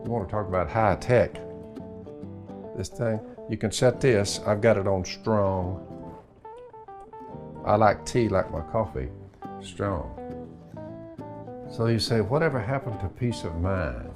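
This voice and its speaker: A man's voice: on the low side, slow pace, pauses often, over music. An older man, hosting his own show and giving folksy, plainspoken homespun preaching. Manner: drawling, plainspoken, acts out imagined dialogue. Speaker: show host.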